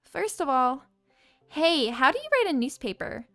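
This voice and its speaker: A woman's voice: high voice, very animated, normal speed, pushed and bright, no room sound, soft background music, exaggerated voice. A woman voicing a polite, eager teenage schoolgirl reporter in a game. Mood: earnest.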